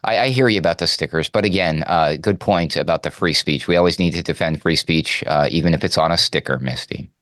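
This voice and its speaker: A man's voice: low-pitched, brisk, hardly any pauses, fairly bright tone, no echo. An American man co-hosting a radio talk show, joking and rambling with many fillers and restarts. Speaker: radio news talk co-host.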